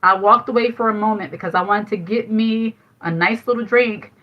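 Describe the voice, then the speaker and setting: A woman's voice: mid-range voice, normal speed. A middle-aged woman hosting a casual advice livestream, telling a candid story in a chatty way and laughing often. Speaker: livestream host giving life advice. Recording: dull lo-fi livestream audio.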